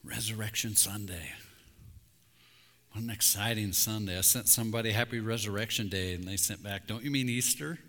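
A middle-aged man preaching a sermon in a church sanctuary, his voice bright and forceful. He is candid and intense, confessing his own failings and then dropping to a hush on key words. A long hall reverb trails each phrase. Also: lowish voice, moderate pace. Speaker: pastor.

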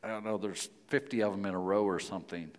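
Storytelling preacher in a reverberant hall. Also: male voice, fairly low pitch, steady tone, fast. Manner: storytelling, playful, then hushed and earnest in prayer. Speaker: pastor. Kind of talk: sermon.

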